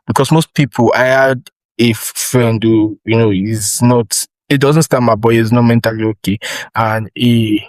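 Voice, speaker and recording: A young man with a Nigerian accent hosting a podcast, asking rambling, animated questions with frequent restarts. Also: medium pitch, unhurried, no room sound, poor audio. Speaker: podcast host. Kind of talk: casual interview chat.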